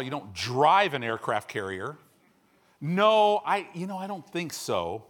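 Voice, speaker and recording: A man preaching a sermon as a pastor, swinging from loud declarations to hushed asides and acting out little conversations. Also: mid-range voice. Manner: lively, swings from loud to hushed, acts out dialogues. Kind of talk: animated sermon.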